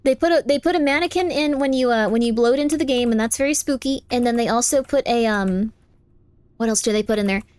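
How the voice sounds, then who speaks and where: A high-pitched woman streamer chatting while she games, playful and teasing, repeating her denials again and again. She jumps into squeaky protests now and then. Her voice sits on a close mic in a dry, dead-sounding space. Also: fast talker, a little mellow, no room sound. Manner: playful, teasing, insistent, repeats phrases over and over. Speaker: live streamer. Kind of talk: casual live-stream chat while gaming.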